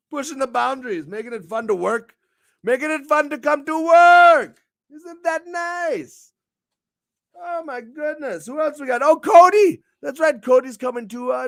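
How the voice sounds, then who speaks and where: A young man hosting his morning stream in a loud, theatrical promo voice that pitches high and swings in volume all over the place. His tone is gravelly, full of fry, and the sound is close and dry, with no room echo at all. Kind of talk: hyped-up wrestling promo chat.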